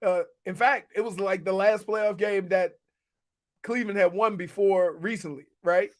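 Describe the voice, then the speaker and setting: A high-pitched male co-host on sports talk radio, telling animated stories from his playing days. He laughs often and talks in a loose, easy way. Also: moderate pace. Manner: animated storyteller, laughs a lot. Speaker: radio co-host, former pro football player.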